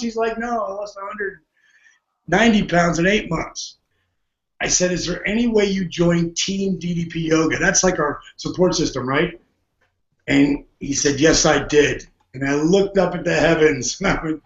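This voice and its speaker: A man with a notably high voice tells a story with energy, laughing often and acting out the voices of others. The audio sounds dull and lo-fi. It has a roomy echo around it. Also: normal speed. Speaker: podcast guest. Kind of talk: animated storytelling.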